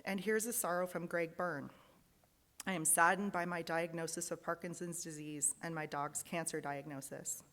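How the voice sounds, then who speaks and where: Reading aloud the joys and sorrows during a service, a woman serving as lay worship leader sounds earnest and heartfelt, occasionally emotional. Her voice is on the low side and a bit bright, with fairly even intonation and a moderate pace, followed by a long reverb tail from the large fellowship hall.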